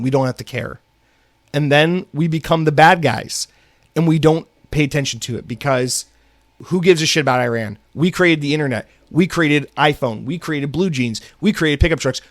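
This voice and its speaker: A man's voice: a little high, no room sound, clean studio sound. A man hosting a solo podcast, ranting angrily with lots of swearing and then reading news. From United States. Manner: angry, profane ranting with swearing. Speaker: podcast host.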